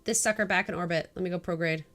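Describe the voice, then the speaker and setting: A woman casually commenting on her space game while streaming live, jokey and excitable, chatting with viewers. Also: on the low side, fast talker. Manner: jokey and excitable, talking to chat.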